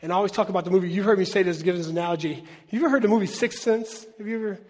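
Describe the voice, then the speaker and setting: A man's voice: high-pitched, very fast, a little mellow, in a large hall. A middle-aged man preaching a sermon to his church, animatedly acting out biblical dialogue. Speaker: pastor.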